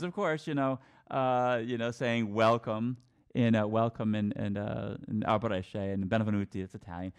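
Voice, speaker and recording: Speaking in a darkish, mid-range voice, a middle-aged tour guide and teacher from New England gives a relaxed virtual tour. His talk wanders, broken by frequent restarts and little chuckles.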